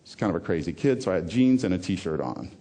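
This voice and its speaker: Animated male keynote speaker. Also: low voice, fast. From American South. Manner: emphatic, repeats key phrases, swings between loud and hushed. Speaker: motivational speaker. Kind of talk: TEDx keynote talk.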